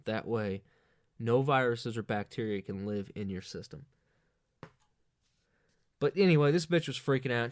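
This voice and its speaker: A man's voice: mid-range voice, no echo, studio quality. Profane rambling man ranting. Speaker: host. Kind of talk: comic rant monologue.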